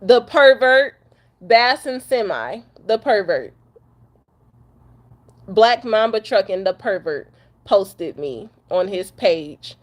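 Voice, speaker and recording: A woman's voice: medium pitch, animated, slow pace, pauses often. Young woman trucker from detroit ranting straight into the camera, upset and cussing, keeps repeating herself. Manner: blunt, cussing, repeats itself. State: upset after crying. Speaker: truck driver vlogger. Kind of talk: emotional rant to camera.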